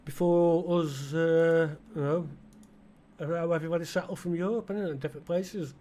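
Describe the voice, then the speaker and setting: Slight background noise sits under a fairly high, dark-toned male voice moving at a moderate pace with fairly even intonation. He's a middle-aged East Midlands English gaming channel host whose casual let's-play commentary rambles along, filler-heavy and chatty, aimed at the game's customers.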